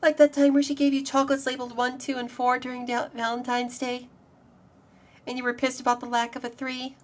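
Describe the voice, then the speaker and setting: A woman streamer reading a visual novel aloud, voicing a fond, teasing grown woman who reminisces in a brighter, higher, amused tone. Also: flat delivery, a little fast, lightly acted.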